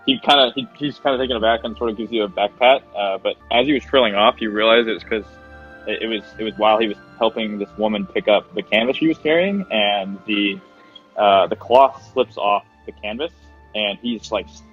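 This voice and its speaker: A man's voice: lowish voice, brisk, husky, narrow, tinny audio, faint music behind. A man narrating a tabletop game as game master in a rambling, hesitant way. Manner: rambling, filler-heavy, hesitant.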